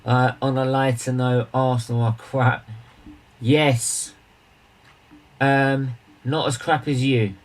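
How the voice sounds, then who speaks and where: A man hosting a casual charity livestream, rambling and repeating himself, with bursts of excited emphasis. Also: medium pitch, slow, pauses often, rough recording.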